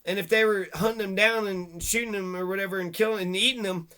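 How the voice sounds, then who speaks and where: A man's voice: high voice, fairly even intonation, fast, pushed and bright, clear, resonant tone. A man reading local history aloud, stumbling on words, then ranting about it with lots of swearing. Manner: profane, stumbles over words while reading. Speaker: video host.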